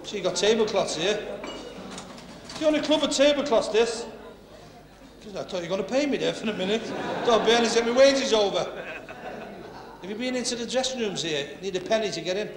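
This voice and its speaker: Liverpool comic, brash club banter, high voice, echoey hall with chatter. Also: male voice, animated, brisk, long pauses, background noise. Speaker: stand-up comedian. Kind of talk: stand-up routine in a club. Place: working men's club.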